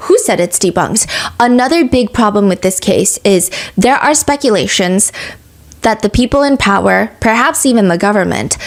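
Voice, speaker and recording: A woman hosting a podcast, telling a true-crime story in a brisk, earnest, casual way and asking a lot of questions. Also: medium pitch. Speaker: podcast host.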